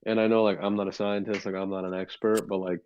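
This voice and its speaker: A man's voice: low-pitched, little pitch movement, fast, a little mellow, muffled recording, slight background noise. A man in his twenties co-hosting a podcast, talking casually and rambling with many fillers and restarts. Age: 20s. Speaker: podcast co-host. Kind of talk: casual chat.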